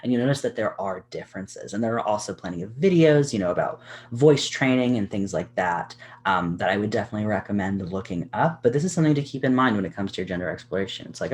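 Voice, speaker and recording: Male workshop presenter, lowish voice, chatty delivery full of fillers, gesturing as he talks. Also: expressive, fast, a little hiss or hum. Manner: casual, chatty, many "you know" fillers; gestures a lot with his hands while talking. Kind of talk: educational workshop talk to camera. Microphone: recorded for a video.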